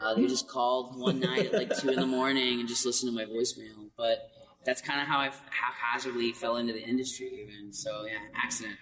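A man voice actor with a light, high voice, chatting animatedly in an interview and laughing between quick asides. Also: steady tone, a bit bright, long reverb tail, rough recording. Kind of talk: casual interview storytelling.

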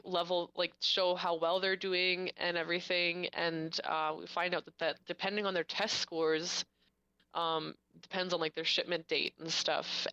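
Woman, casual chat, animated plot recap, bright tone, dry close sound. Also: fairly low pitch, clean tone, no room sound, poor audio.

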